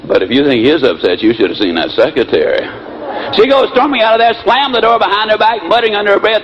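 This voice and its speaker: A man giving an animated, folksy motivational speech, telling a story. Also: a little high, fast talker, dull audio. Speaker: motivational speaker.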